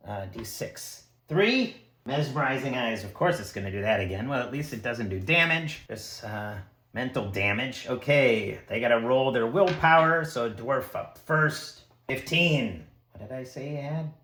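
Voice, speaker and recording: A man narrating his own solo tabletop game, excitable and talking to the dice and characters. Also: medium pitch. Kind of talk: casual solo play narration. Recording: echoey room.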